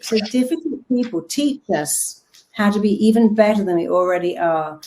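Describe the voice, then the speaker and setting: Animated woman giving a motivational talk. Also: medium pitch, normal speed, a little hiss or hum. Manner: animated storytelling, acting out quoted voices; emphatic, repeats words for stress. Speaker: self-help speaker and therapist.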